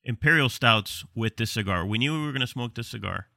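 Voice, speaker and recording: Bright, chatty American co-host. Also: male voice, mid-range voice, creaky, no echo. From United States. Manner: chatty, quick asides and laughs, storytelling. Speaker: co-host of a cigar and beer pairing show. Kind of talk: casual chat.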